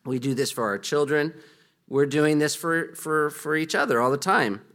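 A man's voice: fairly high pitch, moderate pace, a bit bright. A middle-aged man teaching as a pastor, talking through his points in a conversational way and acting out quoted speech. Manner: conversational, with frequent restarts and acted-out quotes. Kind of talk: sermon-style teaching.

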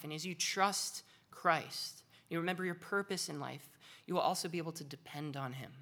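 A woman teaching from the Bible in a casual, earnest talk. Her voice is bright and sits fairly low, and she swings from lively bursts to quiet, slow points. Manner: animated, conversational, earnest.

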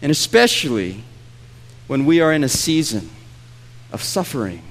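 A man's voice: mid-range voice, sing-song, moderate pace. A man preaching a sermon as a pastor, reading scripture earnestly and letting his voice rise and swell on the pleading lines.

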